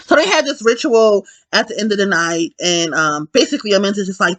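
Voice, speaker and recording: A woman's voice: mid-range voice, a little fast, no room sound. A woman recapping a film in a casual, rambling way, swearing freely and checking in with her viewers. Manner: rambling, profane, keeps asking "right?" and addressing "y'all". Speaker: film reviewer.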